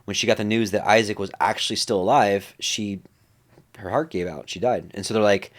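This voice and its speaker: A man's voice: lowish voice, fairly quick. Man teaching scripture in an easy, chatty way. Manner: conversational, with many fillers and lively acted-out quotes. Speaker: Bible teacher. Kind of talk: casual Bible study teaching.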